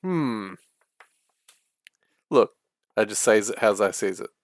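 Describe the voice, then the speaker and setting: A man voicing a hot-headed young male country singer in a rough, deliberately weak put-on southern drawl, swearing as he talks. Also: on the low side, lively intonation, a bit bright, dry recording, studio quality, heavily acted. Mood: defiant.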